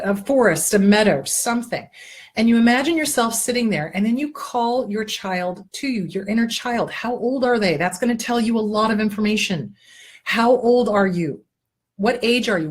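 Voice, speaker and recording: A woman therapist and show host with a mid-range, slightly rough voice gives casual self-help advice. She's blunt, earthy and profane, with lively asides, and coaches the listener step by step through exercises.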